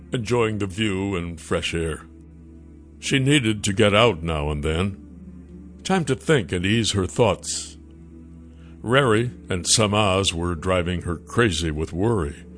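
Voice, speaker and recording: Calm male storybook narrator. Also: sits low.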